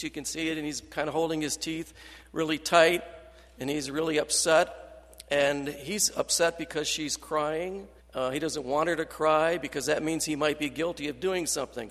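An earnest male Christian counselor teaches in a sermon style, often stopping to restart a phrase. His voice sits a bit high and has a gravelly fry. The sound rings with the long reverb of a hall. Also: fairly bright tone. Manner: earnest, halting, with restarts and scripture quotes.

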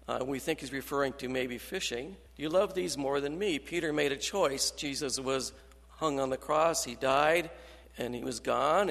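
A man giving an earnest, halting sermon-style talk as a Christian counselor, quoting scripture and restarting his sentences. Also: mid-range voice, creaky, a bit bright. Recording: long hall reverb.

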